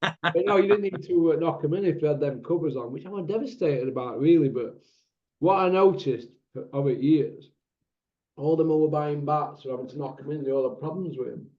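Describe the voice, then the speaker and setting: Man, fairly high voice, bantering, swearing, muffled lo-fi audio. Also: brisk, echoey room. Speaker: channel host. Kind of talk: casual chat. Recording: dull lo-fi sound.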